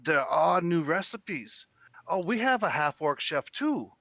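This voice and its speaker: A man's voice: fairly high pitch, big pitch swings, a little slow, gravelly, sharp tone, dry recording, pitched above the performer's own voice, heavily acted. A man voicing an earnest, red-bearded dwarf who owns a brewery.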